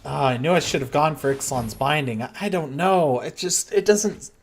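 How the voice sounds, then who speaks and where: A man thinking aloud as he plays a card game, reacting strongly to each turn, from quiet muttering to loud frustration. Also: medium pitch, a little fast. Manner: reactive, swings between muttering and frustrated outbursts. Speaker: gameplay commentator.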